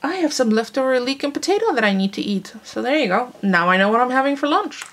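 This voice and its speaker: A woman's voice: high voice, expressive, fast talker. A woman chatting casually in a home vlog, rambling on and cooing baby talk at her dogs. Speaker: vlogger. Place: home living room and kitchen.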